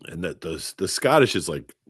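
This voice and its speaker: A man's voice: low-pitched, moderate pace, breathy edge, no echo, studio quality. A man co-hosting a podcast, chatting casually and telling stories with animation. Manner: storytelling, animated. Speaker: podcast co-host. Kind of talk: casual chat.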